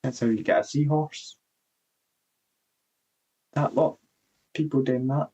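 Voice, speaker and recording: Slow, husky man rambling. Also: mid-range voice, fairly even intonation, warm tone, highs cut off. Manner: meandering, swears casually. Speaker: vlogger. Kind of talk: rambling casual chat.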